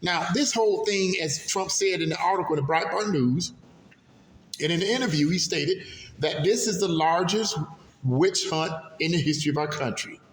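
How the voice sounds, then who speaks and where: A man giving casual political commentary for his video channel, talking in an impassioned, rambling way and repeating himself. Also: normal speed. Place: hallway. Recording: echoey hallway, faint rumble.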